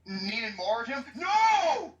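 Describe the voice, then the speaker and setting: Excitable foul-mouthed young woman, roomy distant sound. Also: fairly low pitch, moderate pace. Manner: excitable, profane, animated ranting. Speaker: podcast co-host. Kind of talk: casual movie chat. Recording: dull, roomy, distant mic.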